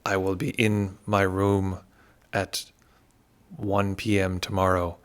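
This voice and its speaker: A man imitating a stern, demanding older male meditation master with a put-on Burmese accent, speaking slowly and deliberately. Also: low voice, completely flat delivery, clear, resonant tone. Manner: slow, deliberate, grave.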